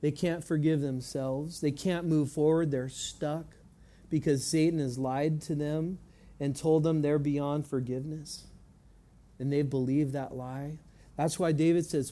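A middle-aged male pastor preaching with earnest conviction, his voice mellow and a touch higher than most men's. He drops low and soft for reflective points, then climbs and presses hard on his emphatic lines. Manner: earnest preaching, swings between quiet reflection and rising emphatic passages. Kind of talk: sermon.

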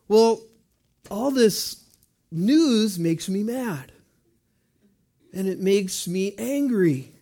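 A man with a high-pitched voice delivers a sermon in a chatty, conversational way. He throws questions to the congregation and answers himself in quick asides, like a pastor talking with his flock. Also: expressive, warm tone.

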